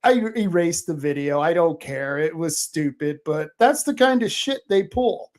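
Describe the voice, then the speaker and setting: Man, show host, blunt, animated storytelling, casual chat. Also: on the high side, a little slow. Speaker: host, independent journalist.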